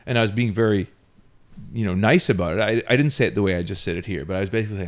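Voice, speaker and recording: A man telling a funny story on a podcast in an animated, self-mocking way, often laughing. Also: fairly low pitch, rapid-fire. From Ontario, Canada. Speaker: podcast host. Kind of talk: casual storytelling.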